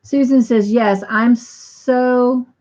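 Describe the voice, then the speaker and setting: A woman's voice: a little high, steady tone, very slow, dark tone. A woman hosting a casual livestream, reading viewer comments aloud and leading a short prayer. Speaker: livestream host. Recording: dull lo-fi stream audio.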